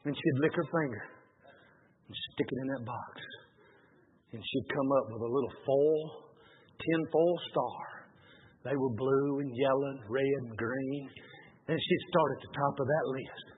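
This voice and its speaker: A man's voice: mid-range voice, a little slow, slight background noise. A man preaching a sermon in a folksy, colloquial storytelling way. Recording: narrow phone-like sound.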